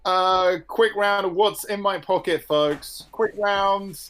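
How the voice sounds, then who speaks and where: A man's voice: sits high, slow pace, a bit bright. A man co-hosting a livestream, bantering playfully and reading out audience messages. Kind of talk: casual livestream chat.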